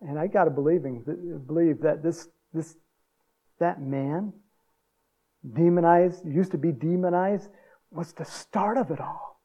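A man preaching a sermon in a folksy, chuckling way, acting out quotes in a higher voice. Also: a little slow, mellow, muffled recording. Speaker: pastor.

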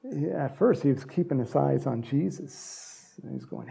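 A man's voice: mid-range voice, lively intonation, moderate pace, creaky, dark tone. A man preaching a conversational sermon as a pastor, acting out Bible characters in little voices.

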